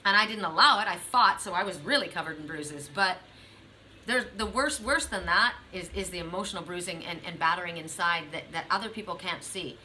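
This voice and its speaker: A middle-aged woman with a bright, forward voice gives a spiritual oracle card reading. She speaks earnestly and straight to the listener, circling back to the same affirming phrases again and again. A faint hiss of noise sits under her voice. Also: on the low side, fairly quick, poor audio. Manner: earnest, repetitive, affirming, addresses the listener directly.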